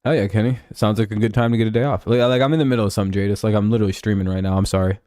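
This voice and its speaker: Racing along, this man has a lowish, dark, smooth voice with a steady tone, heard in clean, echo-free studio audio. On his live stream he chats about football in a rambling, profane way, full of fillers and restarts.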